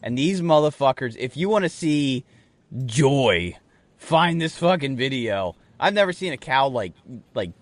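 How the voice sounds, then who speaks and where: A man co-hosting a podcast, rambling through animated, profane stories in casual banter. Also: medium pitch, no room sound. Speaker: podcast co-host.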